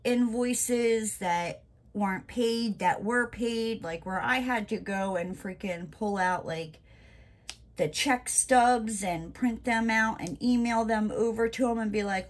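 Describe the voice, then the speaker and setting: A woman's voice: fairly high pitch, slow pace. Ranting woman. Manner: ranting, exasperated, emphatic; lots of fillers like "you know" and "like". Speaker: crafting vlogger. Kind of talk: casual chat while crafting.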